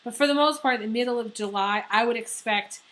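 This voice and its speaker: Chatty tarot lady, rambles, swears a bit, bright voice. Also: on the high side, quick pace. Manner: rambling and casual, swears, many fillers. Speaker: tarot reader. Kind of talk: casual horoscope reading.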